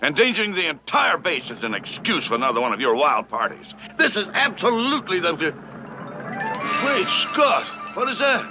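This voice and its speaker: An actor playing an indignant navy admiral who barks orders and demands answers. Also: male voice, on the high side, very animated, normal speed, loud music behind the voice. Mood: irate. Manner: barking, indignant commands. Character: irate barking navy admiral.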